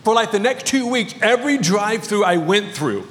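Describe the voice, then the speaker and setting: A man's voice: sits high, expressive, moderate pace, a bit bright, a little hiss or hum. A male pastor preaching a sermon, telling a story with light humor. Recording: long reverb of a large hall.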